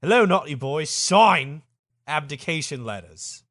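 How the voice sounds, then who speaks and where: A man's voice: on the high side, expressive, unhurried, fairly bright tone, no room sound, clean studio sound. A man voicing a bossy, insulting British ambassador in a comedy podcast. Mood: demanding. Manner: brash, name-calling.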